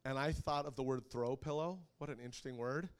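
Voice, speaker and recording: A man in his thirties preaching, telling family stories with lots of laughter and getting loud when he acts out scenes. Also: mid-range voice, fast. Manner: animated storyteller who laughs often and gets loud when acting out scenes. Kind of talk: sermon with personal stories.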